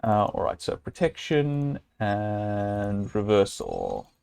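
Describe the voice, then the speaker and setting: A man's voice: lowish voice, wildly swooping pitch, slow pace, vocal fry, a little mellow, clear, resonant tone. A man streaming a live game, thinking aloud and talking to his viewers and his character, with many fillers and restarts. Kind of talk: live gameplay commentary.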